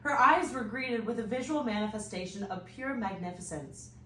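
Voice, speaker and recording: A woman hosting a comedic read-aloud of fanfiction, animated and swearing as she reads to friends. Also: on the high side, moderate pace. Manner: animated reading, swearing, breaking up laughing. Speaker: host reading fanfiction aloud. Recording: echoey room, distant mic, faint noise.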